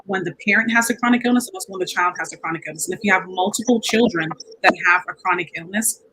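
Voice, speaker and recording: A woman therapist explaining on a panel, soft-spoken and measured. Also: fairly low pitch, a little hiss or hum, poor audio.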